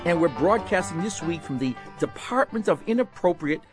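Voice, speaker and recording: A man's voice: fairly high pitch, expressive, normal speed, over music. A middle-aged man co-hosting a comic radio call-in show, joking and hesitant with many fillers. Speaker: radio co-host. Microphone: studio mic.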